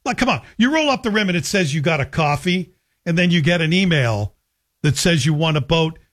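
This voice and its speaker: A man's voice: on the high side, lively intonation, brisk, a bit bright. A middle-aged man hosting a talk radio show in a chatty, joking monologue. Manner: chatty, joking, self-deprecating. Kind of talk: casual monologue.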